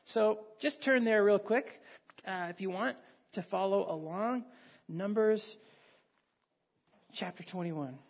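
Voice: medium pitch, slow pace, long pauses. A preacher giving a conversational sermon, reading Bible passages aloud and putting questions to the listeners.

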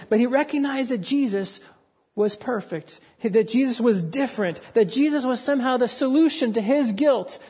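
An earnest preacher in the middle of a sermon to a congregation, pressing each point with emphasis. The voice sits at a middling pitch, neither high nor low. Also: darkish tone, slightly rough.

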